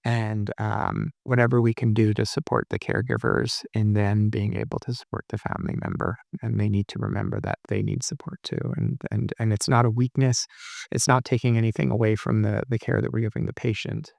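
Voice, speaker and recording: Gravelly-voiced man, gentle palliative nurse. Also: on the low side, level tone, fairly quick, no room sound, clean studio sound. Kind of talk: conversational interview answers.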